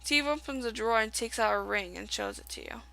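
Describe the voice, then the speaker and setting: A woman's voice: fairly high pitch, brisk, creaky, bright, forceful tone, rough recording. A woman reading the lines of a worried, kind young man from a game, in her own voice. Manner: reading game dialogue aloud.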